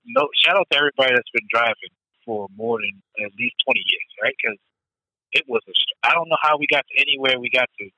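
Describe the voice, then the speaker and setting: A man in loose, animated casual chat who acts out his own nervous thoughts and swears freely. His voice is bright and forceful. It is recorded dry and close, with no room sound. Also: mid-range voice, fast talker, no room sound, poor audio.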